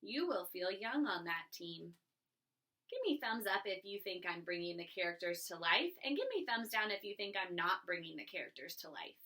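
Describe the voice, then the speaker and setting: A woman teacher giving a recorded reading lesson to young children, expressive and encouraging. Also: fairly low pitch, brisk, hardly any pauses. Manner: expressive, encouraging, sing-song.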